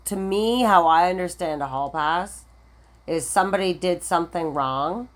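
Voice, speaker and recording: A woman's voice: fairly low pitch, normal speed. A married woman co-hosting a podcast, chatting in a playful, wry way and laughing often. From Canada. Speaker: podcast co-host. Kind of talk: casual chat.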